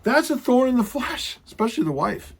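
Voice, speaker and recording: A man teaching a sermon in a conversational, emphatic way, slowing down for dramatic quotes. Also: extremely high pitch, big pitch swings, vocal fry, slightly rough. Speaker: Bible teacher.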